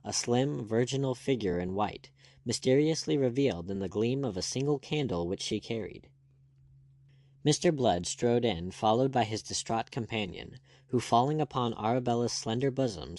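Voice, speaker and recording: A male audiobook narrator with a low voice, reading at a steady, measured pace. The recording is very dry and close, with no room sound. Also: no room sound. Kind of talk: scripted narration.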